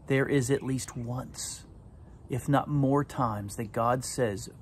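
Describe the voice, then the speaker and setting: A man's voice: medium pitch, a little hiss or hum. A man as a pastor, giving a devotional sermon with a prayer, drawing out his words for emphasis. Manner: slow, deliberate, drawn-out emphasis.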